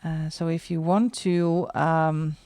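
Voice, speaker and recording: A middle-aged woman hosting a coloring channel, chatting casually as she shows her books, with soft asides now and then. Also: deep voice, level tone, dry recording, clean studio sound. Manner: chatty, slow and unhurried, drops into soft asides. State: out of breath. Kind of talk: casual show-and-tell vlog.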